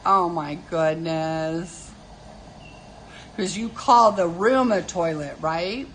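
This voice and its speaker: A middle-aged woman chats slowly and easily on her live stream. She answers viewers' comments and tells family stories, breaking into laughter often. Faint noise sits under her voice. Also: lowish voice, a bit bright. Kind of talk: casual live-stream chat.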